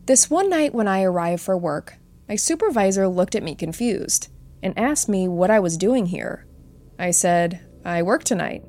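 A woman hosts a show of spooky true stories and reads listener accounts aloud. Her delivery is soft and earnest, pitched in an ordinary middle range. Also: animated, normal speed. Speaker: host and narrator.

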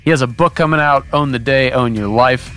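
A man co-hosting a podcast, explaining in a measured way with some hesitations. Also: medium pitch, bright, forceful tone, faint music behind. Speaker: podcast co-host. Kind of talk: podcast conversation.

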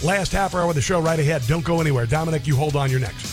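A man's voice: a little high, fast, over loud music. Blunt indignant talk radio host, a man. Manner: blunt, indignant, many ums and uhs.

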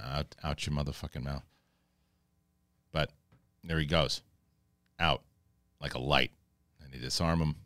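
A man hosting a casual TV episode review, retelling scenes in a profane, excitable way. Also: low-pitched, dry recording, clean studio sound. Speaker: host.

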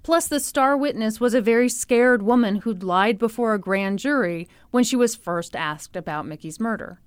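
Her voice is a little high, clear and resonant, at a moderate pace on a dry recording. She hosts a podcast, spinning a funny story full of sarcasm and animated delivery, often breaking into laughter.

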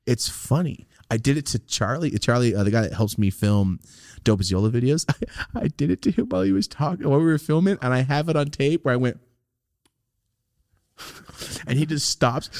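A man co-hosting a podcast tells stories with plenty of swearing and big swings of pitch. He often breaks into loud, high-pitched quoted outbursts. His voice sits in the middle of the range and comes through close and dry. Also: expressive, brisk, no room sound. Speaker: podcast co-host. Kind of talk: casual podcast chat.

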